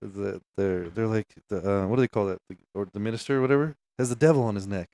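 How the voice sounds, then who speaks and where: A man's voice: on the low side, racing, dark tone, no echo. A man in casual podcast chat, laid-back and chuckling as he tells a story.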